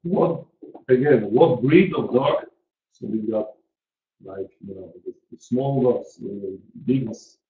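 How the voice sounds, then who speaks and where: A man's voice: medium pitch, slow pace. A man, presenting a pricing webinar in an earnest, emphatic way and repeating his key points. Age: 40s. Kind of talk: online presentation to an audience. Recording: roomy, dull lo-fi call audio.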